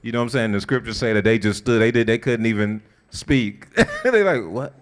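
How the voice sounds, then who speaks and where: A man leading a scripture study, retelling the story in a colloquial, conversational and animated way. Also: lowish voice, a little fast, clean tone. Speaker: Bible study teacher. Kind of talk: casual sermon-style scripture teaching.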